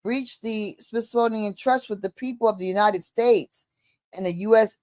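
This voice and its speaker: A woman in a casual discussion, telling a story in an animated way and acting out the dialogue. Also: mid-range voice, moderate pace, dry recording, clean studio sound.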